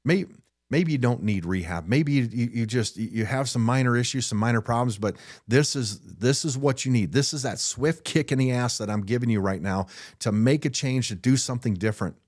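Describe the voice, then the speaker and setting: A man's voice: medium pitch, a little fast, darkish tone. A middle-aged man hosting a podcast, giving a blunt, frustrated motivational talk off the cuff, often repeating his first words as he starts a sentence. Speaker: podcast host. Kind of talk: unscripted motivational monologue.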